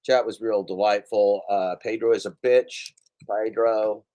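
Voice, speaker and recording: A man's voice: on the low side, steady tone, unhurried, mellow. A man hosting a livestream, ranting casually in a taunting, profane and rambling way. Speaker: livestream host.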